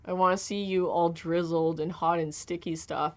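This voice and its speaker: A woman's voice: lowish voice, steady tone, normal speed, few pauses. A young woman streaming from home, chatting casually while gaming, giggling and joking as she reads chat aloud.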